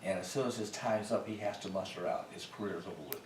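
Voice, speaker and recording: An older man with a low voice tells his service stories in a folksy, unhurried way. He turns animated when he relives old arguments. His voice sits some distance from the mic in a roomy space with a faint hiss under it. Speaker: veteran interviewee. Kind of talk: casual storytelling.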